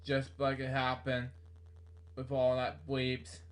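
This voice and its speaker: Slow, flat man reading a book aloud. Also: medium pitch. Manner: halting, many fillers and self-corrections. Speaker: book reader.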